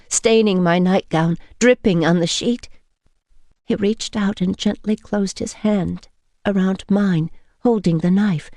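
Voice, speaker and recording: A woman reading a novel in first person as an audiobook narrator, measured and intimate. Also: mid-range voice, a little mellow, no echo, studio quality.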